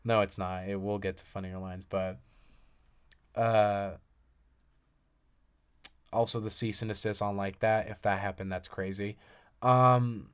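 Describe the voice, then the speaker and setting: A young man talks through music in casual, excitable commentary and swears freely. His voice sits low and sounds smooth and resonant. He jumps from loud bursts to quiet, mumbled asides. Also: a little slow, pauses often. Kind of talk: casual commentary reading lyrics aloud.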